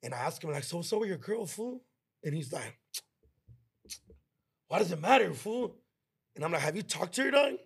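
A man co-hosting a podcast, telling a story in a casual, slangy and heartfelt way, acting out his friends' lines in quick quoted bursts. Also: fairly high pitch, sing-song, a bit bright, husky. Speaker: podcast co-host.

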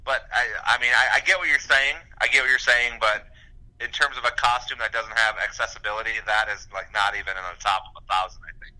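A man talks over a phone while pacing, his voice very bright and sharp-edged. He rambles through casual chat and laughs easily, with an average pitch. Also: steady tone, fast talker, low-quality recording.

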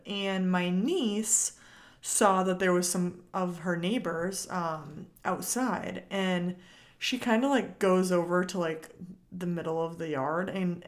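A woman in her twenties from Massachusetts, hosting her own podcast in a casual, chatty way, with lots of fillers and casual swearing. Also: on the low side. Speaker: podcast host. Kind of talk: casual solo podcast chat.

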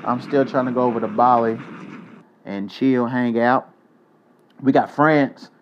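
A man's voice: mid-range voice, steady tone, unhurried, dull audio, noisy background. Young man hosting a loose, profane podcast. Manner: loose, joking, profane shout-outs. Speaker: podcast host. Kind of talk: casual solo podcast.

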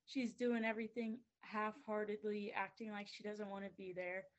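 A woman's voice: mid-range voice, level tone, moderate pace, poor audio. Earnest woman coach giving a faith talk. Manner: earnest, emphatic, repeats phrases for rhythm. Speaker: basketball coach and guest speaker. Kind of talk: faith-based motivational talk.

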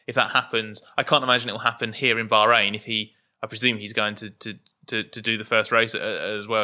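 A man with a low-ish voice and a very bright, sharp tone co-hosts a casual motorsport podcast. He thinks aloud, stopping and restarting often. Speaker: podcast co-host.

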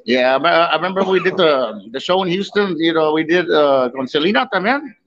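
A man with a high-pitched voice talks in an easygoing way and slips Spanish words into his chat. His talk is full of agreeing hums and restarts. The audio is dull and lo-fi. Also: animated, fairly quick, fairly bright tone. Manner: easygoing, drops Spanish phrases, many "mm-hmm"s. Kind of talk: casual chat.

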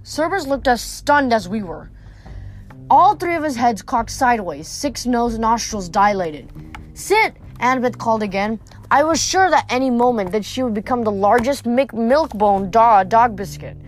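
A woman reads a novel aloud in a fairly high voice, now and then tripping over a word and starting it again. Quiet music plays faintly in the background. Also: lively intonation, moderate pace. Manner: stumbles and restarts words while reading. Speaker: reader.

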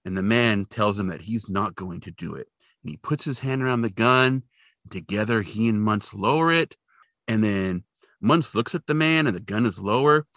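A man's voice: on the low side, expressive, a bit bright, no echo, clean studio sound. A man co-hosting a podcast, casually recapping a TV episode and jokily acting out the characters' lines. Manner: jokey, acts out characters' lines in quick voices. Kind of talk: casual chat.

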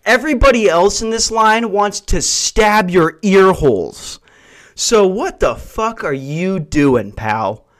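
A man's voice: sits high, animated, slow pace, a bit bright. Young man on a profane comic rant. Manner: profane, exasperated, with mocking impressions. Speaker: podcast host. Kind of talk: comedic rant.

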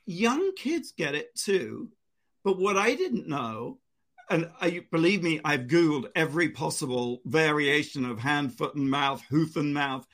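A man's voice: on the high side, a little slow. A man co-hosting a casual chat show, telling a personal story and acting out the quotes. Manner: animated storyteller, acts out quotes. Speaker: co-host.

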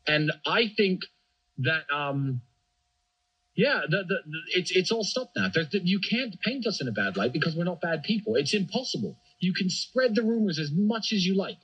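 A man's voice: high-pitched, sing-song, normal speed, a bit bright, breathy edge, dull audio. A man speaking emphatically as a podcast guest, often repeating words as he restarts. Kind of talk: animated conversational monologue.

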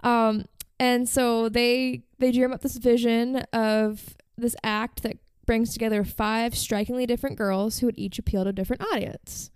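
Brief: woman podcast host, casual storyteller, a bit high and smooth, dry sound. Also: little pitch movement, normal speed, few pauses, a little mellow, dry recording. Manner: chatty, frequent "like" fillers.

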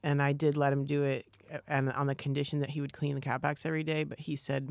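Low-voiced woman guest, dry and halting. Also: little pitch movement, creaky, a little mellow, no echo. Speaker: guest comedian. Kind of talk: casual comedic chat.

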